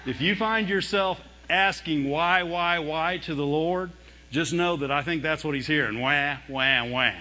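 Guy preaching a sermon, kinda high voice, acts out whiny voices and laughs a lot, muffled lo-fi audio. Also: a little slow, in a large hall, a little hiss or hum. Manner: animated, mimics whining and fearful voices, laughs often. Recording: dull lo-fi sound.

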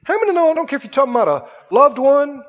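A man preaching a sermon, swinging between hushed and loud and asking rhetorical questions. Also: extremely high pitch, big pitch swings, fast. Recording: dull reverberant hall sound.

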